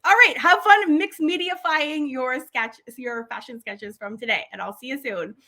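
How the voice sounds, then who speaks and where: A woman's voice: high-pitched, normal speed, sharp tone. A middle-aged woman hosting an online art class live stream, chatting casually and enthusiastically with viewers and laughing often. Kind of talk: casual live-stream chat reading comments.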